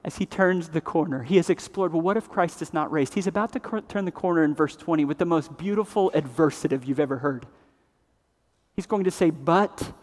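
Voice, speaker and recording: A man preaching a sermon as pastor, swinging between loud emphatic passages and hushed, grave ones. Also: high-pitched. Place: church sanctuary. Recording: long reverb of a large hall.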